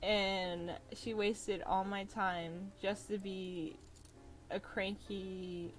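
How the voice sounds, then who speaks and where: A young woman recounts stories on a laid-back drawing stream. She talks at an unhurried pace and laughs often. Soft jazz plays faintly behind her voice. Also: medium pitch, flat delivery, low-quality recording. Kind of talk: casual storytelling while drawing. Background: soft jazz music.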